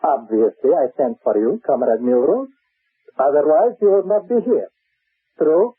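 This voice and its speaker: A cold, stern spymaster. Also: male voice, a little high, a little slow, husky. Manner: clipped, coldly menacing. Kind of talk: 1970s radio drama acting. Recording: narrow, phone-like old radio broadcast.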